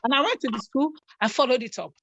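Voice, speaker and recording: Earnest woman, a little high. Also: fast talker, highs cut off. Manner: animated, repeats herself for emphasis. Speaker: guest on a talk show. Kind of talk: earnest conversational storytelling.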